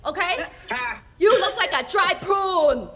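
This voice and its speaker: A nagging, scolding mother who ends every order with "okay?", as a woman puts her on. The voice is pitched high and jumps around, sharp and bright, and it bosses the listener without a pause. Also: expressive, exaggerated voice. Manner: bossy, ends lines with "okay?".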